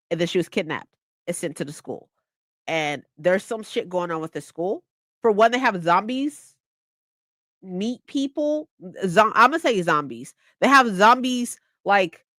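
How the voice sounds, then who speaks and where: Excitable young woman gushing about a book. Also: medium pitch, no echo, studio quality. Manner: excitable, swears often, acts out quotes. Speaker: streamer hosting a reading session. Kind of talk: casual book chat.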